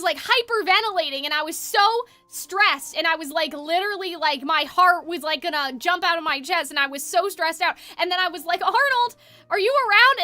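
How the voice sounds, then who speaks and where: A young woman streamer telling a long story in casual chat, rambling and animated with many fillers. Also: very high-pitched, dry recording.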